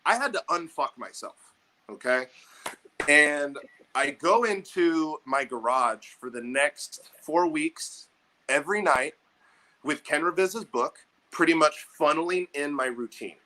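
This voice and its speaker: Bright, fired-up man telling a story. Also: on the high side, measured pace. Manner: animated storytelling, swears often. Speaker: podcast host. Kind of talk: casual chat.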